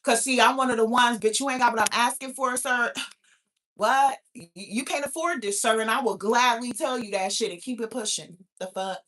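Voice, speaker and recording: A woman's voice: on the high side, fairly quick, fairly bright tone. A woman in her thirties hosting a talk show, chatting casually in a brash, profane, laughing way. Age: 30s. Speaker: podcast host. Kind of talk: casual chat.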